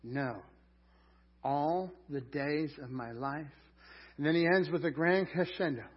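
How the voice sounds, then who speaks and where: A man preaching a sermon in a conversational way, rising loud on scripture lines. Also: a little high, slow, slightly rough, lo-fi sound. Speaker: pastor.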